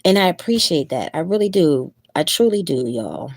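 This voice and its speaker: A woman with a low-pitched voice talks casually to her livestream viewers. She chats loosely, laughs easily and keeps coming back to thank them. The sound is dry and close, with no room echo. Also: big pitch swings, moderate pace. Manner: chatty, repeats thanks, laughs often. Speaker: livestream host.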